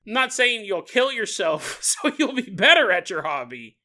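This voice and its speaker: A man hosting a podcast, riffing in a comedic monologue, laughing often and acting out quick voices. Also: high voice, big pitch swings, bright, forceful tone. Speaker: podcast host.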